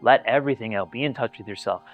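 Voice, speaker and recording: A man's voice: medium pitch, quick pace, phone-quality sound, faint music behind. A man giving candid personal testimony in an interview, talking earnestly and bluntly, swearing freely and often repeating words as he starts a thought. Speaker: interviewee sharing personal experience.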